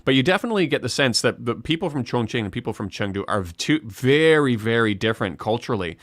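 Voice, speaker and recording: A Canadian man co-hosting a live stream in casual chat, chatty and quick to laugh. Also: mid-range voice, animated, no echo, clean studio sound. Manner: chatty, restarts often, laughs easily.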